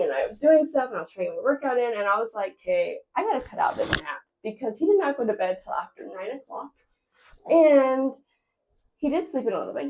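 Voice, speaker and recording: A woman's voice: medium pitch, a little mellow, dull audio. A woman vlogging casually as a busy mom, chatty and rambling with a self-deprecating streak. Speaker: vlogger and stay-at-home mom. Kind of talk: casual vlog chat.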